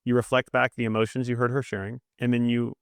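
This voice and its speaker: Fast-talking man coaching couples. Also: mid-range voice, creaky, clear, resonant tone, dry recording, clean studio sound. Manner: calm, coaching, models soft reflective replies. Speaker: podcast co-host. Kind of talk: teaching conversation on marriage.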